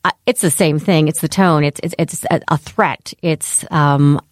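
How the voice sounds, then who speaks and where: A woman's voice: deep voice, fairly even intonation, measured pace, dry recording. A woman cohosting a parenting podcast in casual chat, with dry, teasing humor.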